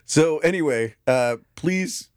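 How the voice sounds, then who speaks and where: A man co-hosting a casual podcast, with a pitch that swings widely as he jokes. He talks with a sarcastic edge and laughs often. The sound is dry and close to the mic. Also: lively intonation, slow pace, darkish tone, smooth, dry recording. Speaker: podcast co-host.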